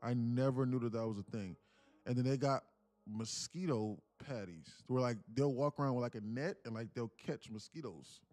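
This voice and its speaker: With faint music behind him, a medium-pitched man speaks at a moderate pace as host of a live day-trading stream. The casual chat with viewers is lively, full of jokes, laughter, and free swearing.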